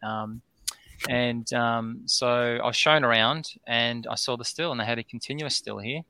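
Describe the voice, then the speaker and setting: A man's voice: medium pitch, moderate pace, clear, resonant tone. A middle-aged Australian man telling a long, rambling story as a guest on a podcast, full of ums and "right?". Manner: rambling, excitable, lots of "um" and "right?". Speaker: distillery founder, guest.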